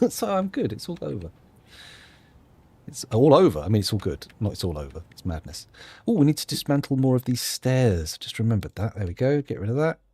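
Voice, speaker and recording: With a fairly low, mellow, husky voice, a man narrates his gameplay video in a rambling, let's-play style. His thinking aloud is jokey and self-deprecating.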